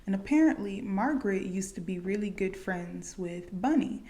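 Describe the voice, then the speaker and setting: A woman's voice: mid-range voice, expressive, moderate pace, dark tone. A woman giving a casual, chatty recap of a movie's plot, full of "like" and "you know". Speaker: movie reaction youtuber.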